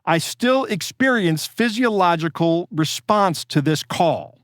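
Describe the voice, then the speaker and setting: A man with a slightly raised pitch tells a personal story on a podcast in a loose, rambling way, full of fillers and false starts. The sound is dry and close, with no room around it. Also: expressive, measured pace, no echo. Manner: rambling, many restarts and fillers. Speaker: podcast co-host. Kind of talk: casual storytelling chat.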